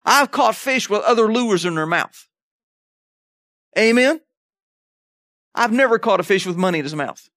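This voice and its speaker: A man's voice: sits high, expressive, measured pace, pauses often, fairly bright tone, no room sound, clean studio sound. A man preaching a sermon in a conversational way, checking in with the congregation as he goes. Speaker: pastor.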